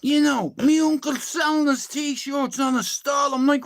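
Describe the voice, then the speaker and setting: A man's voice: very high-pitched, steady tone, unhurried, few pauses. A man, ranting crudely and mockingly on a live stream, full of swearing.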